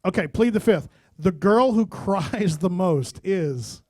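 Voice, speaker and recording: A male radio host running a party game in a casual interview. He is encouraging and reads the prompts out slowly. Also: sits high, expressive, a little mellow, no echo, clean studio sound.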